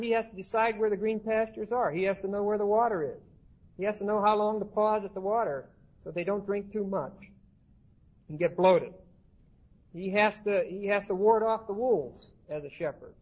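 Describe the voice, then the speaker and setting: Man, Bible teacher, classroom lecture, high pitched, breathy, halting delivery, muffled old recording. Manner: checks in with the class often; halting, restarts phrases.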